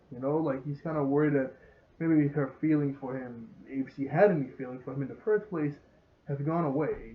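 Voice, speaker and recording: A man talks through an episode review in a loose, rambling way. His voice sits a bit high, and he gets excited as he laughs along. The sound is roomy and dull, like a lo-fi home recording. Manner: rambling, excitable, laughs often, retells scenes. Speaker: show reviewer.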